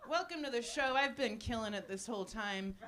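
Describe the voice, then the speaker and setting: A woman in her forties doing a live stand-up set with crowd work, deadpan and self-deprecating, with lots of ums and little laughs. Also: fairly high pitch, fairly quick. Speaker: stand-up comedian. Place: small cafe stage with live audience. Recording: noisy live cafe recording.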